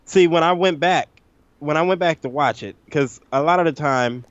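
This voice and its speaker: A man's voice: a little high, normal speed, no echo, muffled recording. A young man co-hosting a casual chat, jittery and swearing, saying "dude" a lot. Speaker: co-host.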